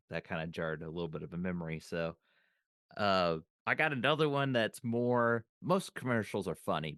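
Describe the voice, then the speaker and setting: A man with a very low voice co-hosts a podcast in a loose, casual chat. He rambles through memories, doubling back on his words. The sound is dry and close. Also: fairly bright tone, no echo. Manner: rambling, recalls things aloud with restarts. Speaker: podcast co-host.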